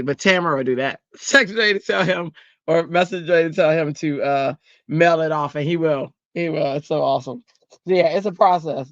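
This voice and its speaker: A woman hosting a craft livestream, chatting casually with her viewers in an excitable, giddy way that often tips into squeals. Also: deep voice, no room sound, dull audio. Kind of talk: casual live chat to viewers.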